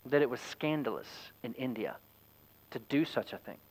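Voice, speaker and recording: A man's voice: mid-range voice, expressive, normal speed, a little mellow, slightly rough, low-quality recording. A man, a pastor, preaching a sermon in a conversational, storytelling way. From United States.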